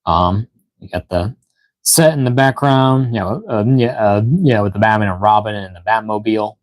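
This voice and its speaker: A man's voice: lowish voice, normal speed, dry recording. Tired rambling man on a live stream. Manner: rambling, filler-heavy, reads chat aloud. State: tired, yawning, out of breath. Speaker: toy unboxing live streamer. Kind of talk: casual live stream chat.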